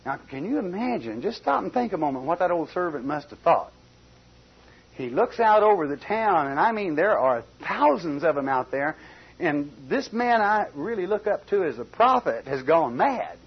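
A man preaching a folksy expository sermon, swinging between loud emphasis and quiet asides. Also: on the high side, big pitch swings, normal speed, slightly rough. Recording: dull lo-fi recording.

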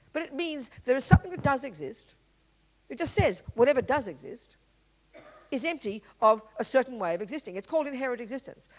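A woman's voice: fairly high pitch, poor audio. A woman giving a Buddhist teaching talk, blunt and emphatic, full of rhetorical questions. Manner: blunt and lively explaining.

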